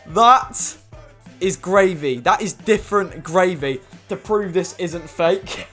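Young guy, pretty high voice, hyping up pack openings, yelling and laughing, soft music behind. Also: expressive, takes it slowly. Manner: hyped, loud, laughing outbursts. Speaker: gaming YouTuber. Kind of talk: excited pack-opening commentary.

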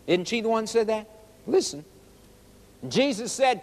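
A man's voice: sits high, animated, unhurried, big-room sound. A man preaching a sermon, quoting scripture aloud and asking his listeners rhetorical questions with emphatic force. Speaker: evangelist.

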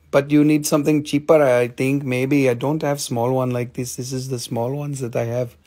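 A man's voice: medium pitch, level tone, normal speed, hardly any pauses, mellow. A man hosting a casual live-stream crystal sale, joking and swearing freely as he shows the stones.

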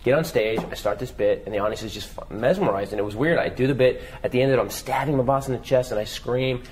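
A fast-talking man in his forties tells dark personal stories as a comedy guest, jumping into little acted-out quotes. His voice sits at an ordinary middle pitch. A faint hiss of background noise runs under the recording. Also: low-quality recording. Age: 40s. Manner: fast, animated, acts out quotes. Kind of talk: storytelling interview.

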